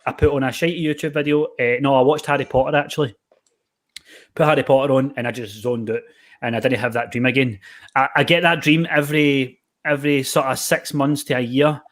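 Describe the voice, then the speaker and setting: A man's voice: medium pitch, a little fast. A Scottish man hosting a podcast, telling rambling stories in casual chat. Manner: rambling, animated storytelling with lots of fillers. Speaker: podcast host, personal trainer.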